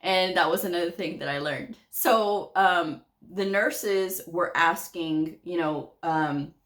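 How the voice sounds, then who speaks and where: Middle-aged woman, medical coder, casual storytime vlog. Lower voice, chatty, laughs often. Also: slow, few pauses, a bit bright. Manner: chatty, laughs often, acts out quoted dialogue.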